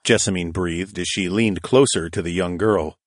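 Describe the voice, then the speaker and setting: A man narrating a first-person fantasy story in a steady, even storytelling voice. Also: deep voice, normal speed, no room sound, studio quality. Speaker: audiobook narrator.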